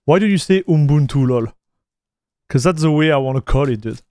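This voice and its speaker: A man's voice: a little high, animated, brisk, darkish tone, no echo. A man with a French accent, chatting loosely on a live tech stream, with many fillers and repeated words. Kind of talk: casual livestream chat while installing software.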